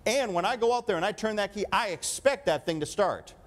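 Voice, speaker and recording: A man delivering a sermon in a fairly high voice. He preaches emphatically, pressing his points and turning to the congregation for an amen. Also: lively intonation, fairly quick.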